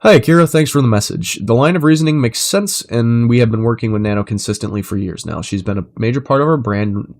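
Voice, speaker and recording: A man reading chat messages aloud in an even, measured way, breaking into loud, sarcastic rants full of swearing. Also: medium pitch. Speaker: commentator reading chat logs.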